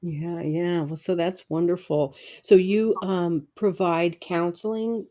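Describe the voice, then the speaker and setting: A woman hosts a casual interview, asking questions and offering short encouraging replies. Her voice is mellow and relaxed, pitched a little low. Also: takes it slowly. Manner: brief encouraging responses. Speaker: host.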